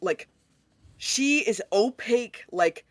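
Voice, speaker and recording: A woman's voice: on the high side, animated, slow pace, no echo. A woman narrating as game master in a tabletop game, chatty and full of fillers.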